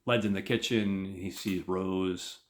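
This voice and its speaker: A man hosting a podcast, recapping a show in a loose, rambling way. His voice sits very low, and he keeps leaning on fillers as he retells the story in his own words. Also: fairly even intonation, slow pace. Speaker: podcast host. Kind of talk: casual episode recap.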